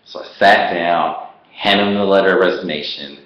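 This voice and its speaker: Low-voiced man telling his story. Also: moderate pace, lo-fi sound. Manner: animated, laughs often, acts out his own past words. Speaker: online business vlogger. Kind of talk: personal storytelling to camera. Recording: roomy echo.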